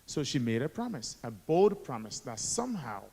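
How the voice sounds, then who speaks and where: A man's voice: mid-range voice, very animated, moderate pace, gravelly, darkish tone, breathy edge. Man speaking in an echoey hall. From Liberia. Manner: dramatic storytelling with rhetorical questions to the audience. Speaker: guest speaker, author and activist. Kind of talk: motivational school assembly speech. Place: school assembly hall.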